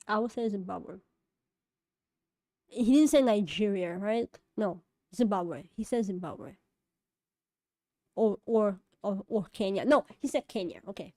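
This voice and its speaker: A woman's voice: medium pitch, animated, slow pace, pauses often, no echo. A woman vlogger talking casually to camera, rambling and hesitant with many fillers and restarts, often laughing at herself. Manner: self-deprecating, laughs often. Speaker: vlogger and animator.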